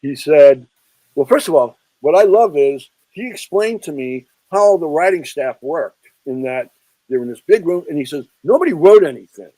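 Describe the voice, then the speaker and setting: A man's voice: normal speed, dry recording, low-quality recording. A man, an author and film historian, telling anecdotes as an interview guest, quoting people as he goes. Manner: chatty, animated storyteller who quotes people in lowered voices.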